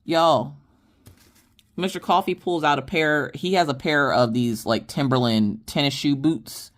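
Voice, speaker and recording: A middle-aged woman hosting a casual chat vlog, telling stories to her viewers in an animated, exasperated way. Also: low voice, measured pace. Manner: animated, exasperated storytelling addressing viewers as y'all. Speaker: crafting vlog host.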